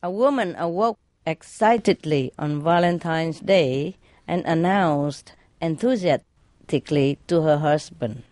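A woman's voice: low voice, unhurried, darkish tone, no echo, studio quality. A woman reading jokes aloud in a casual way, laughing at her own punchlines. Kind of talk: casual joke telling.

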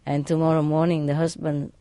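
Woman, casual joke reading, slightly low voice, dry recording. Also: level tone, a little fast, dark tone, no echo. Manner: reads jokes aloud and laughs at the punchlines. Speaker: host reading jokes.

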